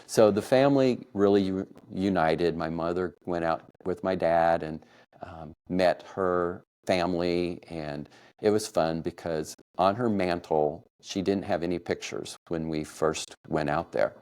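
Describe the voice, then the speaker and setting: A middle-aged man from Kansas telling a personal family story, emotional and laughing softly now and then. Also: sits low, measured pace, smooth. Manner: warm, emotional retelling with soft laughs. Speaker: podcast storyteller.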